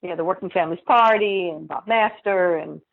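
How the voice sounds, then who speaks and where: A woman state senator telling a story in an interview, blunt and lively, acting out the dialogue and laughing often. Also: on the low side, brisk, vocal fry. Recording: tinny phone-like line.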